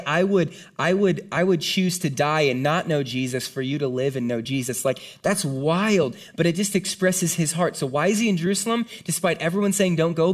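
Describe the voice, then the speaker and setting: A man preaching a sermon to a congregation in an earnest, conversational way, often dropping in "like". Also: a little high. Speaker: pastor.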